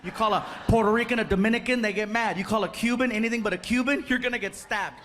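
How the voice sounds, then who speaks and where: A man performing an animated stand-up comedy routine on a theater stage, slipping in loud put-on voices. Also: sits high, quick pace, big-room sound. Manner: animated, puts on loud shouty Spanish-speaking voices. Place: large theater stage with a live audience. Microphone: stage microphone. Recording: live theater show with loud crowd noise.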